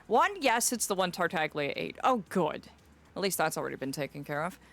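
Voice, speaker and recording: A woman's voice: on the low side, very animated, fairly quick, a bit bright. A young woman streaming live in a fae persona, theatrical and fond, calling her viewers "my dear". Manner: theatrical, greets chatters fondly as "my dear".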